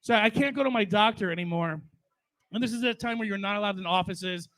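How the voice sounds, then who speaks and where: Forties male stand-up comic with a high voice; crude, profane, chatty tribute storytelling. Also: fast, a bit bright. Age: 40s. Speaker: stand-up comedian.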